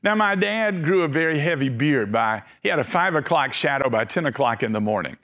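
Storytelling preacher man, fairly high voice. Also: animated. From Tennessee. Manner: storytelling, slows and softens for emotional moments. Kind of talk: sermon.

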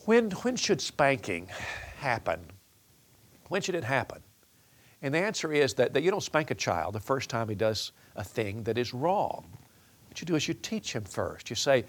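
A man's voice: medium pitch, sing-song, moderate pace. A middle-aged man preaching a sermon-style talk on raising children, earnest, often repeating words as he restarts his sentences. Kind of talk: sermon-style teaching on parenting.

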